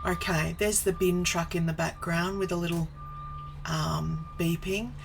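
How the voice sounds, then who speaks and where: Chatty woman, 40s, fairly low voice, unhurried delivery; hosting a casual livestream from her office. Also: fairly even intonation, vocal fry, background noise. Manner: chatty, greets viewers by name, wanders off topic. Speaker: live stream host. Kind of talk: casual live stream chat. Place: home office.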